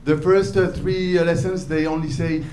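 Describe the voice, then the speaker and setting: A man's voice: a little high, steady tone, normal speed, noisy background. A man from France with a French accent, doing a stand-up set in English and searching for his words. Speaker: stand-up comedian. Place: basement comedy club. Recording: echoey basement club with crowd.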